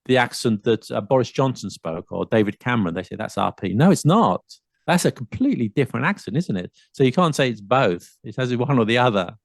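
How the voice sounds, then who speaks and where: A man's voice: medium pitch, animated, brisk, creaky, dry recording, studio quality. A man with a southern English accent and a touch of London, chatting animatedly about accents and mimicking them playfully. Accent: southern English, slight London. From south of England. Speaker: podcast host. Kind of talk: casual chat about accents.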